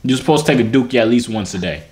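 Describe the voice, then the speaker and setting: A man's voice: medium pitch, expressive, racing. Teasing man host, mid voice, loose slangy chatter. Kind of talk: casual chat.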